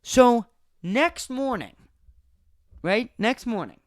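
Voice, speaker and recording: A man's voice: very high voice, expressive, takes it slowly, dry recording, studio quality. A young man hosting a solo podcast, telling an angry, profanity-filled story about a friend. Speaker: podcast host.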